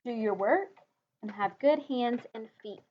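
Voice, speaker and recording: Woman, teacher, slow and deliberate, reading lesson, modeling letter sounds, muffled recording. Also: on the high side, a little hiss or hum.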